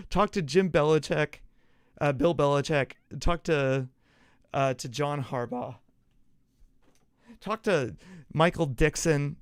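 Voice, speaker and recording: A man's voice: fairly high pitch, no room sound, clean studio sound. A man hosting a casual solo sports podcast, rambling through an explanation, acting it out with gestures and correcting himself along the way. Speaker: podcast host.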